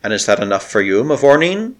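A man's voice: mid-range voice, sing-song, fast, lightly acted. A man reading aloud voices a devoted young Irish man, lovestruck and flustered, who gasps and stammers. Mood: humble. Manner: flustered, gasping, humble.

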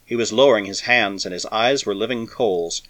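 A man narrating a science fiction story with a dramatic, expressive reading. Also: lowish voice, moderate pace, dry recording. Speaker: audiobook narrator.

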